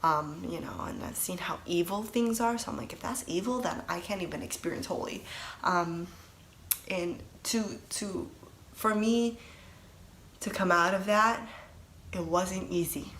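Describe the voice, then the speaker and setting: A woman's voice: lowish voice, measured pace, fairly bright tone, slight background noise. A young woman giving an earnest, rambling personal testimony, full of fillers and restarts, sometimes dropping to a near whisper. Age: young adult. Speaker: testimony speaker.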